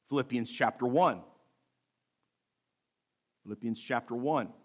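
A male pastor delivering a sermon, reading scripture slowly and adding light asides with a bit of humor. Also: medium pitch, fairly bright tone. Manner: preaching with light humor, slows to read scripture aloud.

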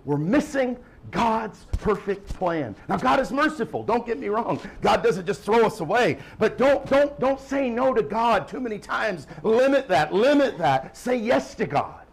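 A man preaching a sermon in church, swinging from emphatic calls to quiet, joking asides. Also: high voice, very animated, measured pace, breathy edge. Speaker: pastor.

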